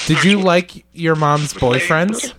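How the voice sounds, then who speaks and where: A man's voice: a little high, slow. A man hosting a paranormal session, asking a spirit questions and reporting what he hears back. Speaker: ghost hunting host. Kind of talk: casual paranormal session chat. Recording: loud background noise.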